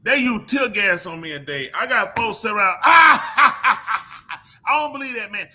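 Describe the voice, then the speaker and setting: A man co-hosting a live call-in show, telling stories in casual banter with loud bursts of laughter. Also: high-pitched, measured pace, a little hiss or hum. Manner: animated storytelling with loud laughs. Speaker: co-host.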